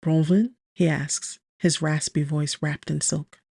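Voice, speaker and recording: Female narrator, bubbly first-person romance read, vocal fry, dry close studio sound. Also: a little slow, dry recording. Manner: lively, bubbly, with sudden high exclamations. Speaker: audiobook narrator.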